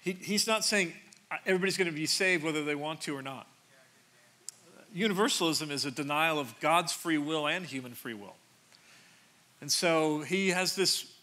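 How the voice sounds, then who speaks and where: Animated, bright-voiced male pastor preaching. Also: on the high side. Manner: conversational and animated, with frequent restarts and quick asides. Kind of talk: sermon. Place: large church sanctuary.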